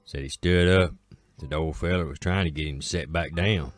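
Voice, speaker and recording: A man with an Appalachian accent telling a folk tale in a slow, drawling way, with dramatic pauses. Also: extremely low pitch, fairly even intonation, no room sound, faint music behind. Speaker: storyteller. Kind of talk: folksy spoken storytelling.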